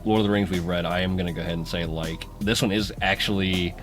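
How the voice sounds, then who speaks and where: Jokey rambling man, low voice. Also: fairly even intonation, fast, soft background music. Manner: jokey, rambling, laughs often. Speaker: podcast co-host. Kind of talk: casual chat.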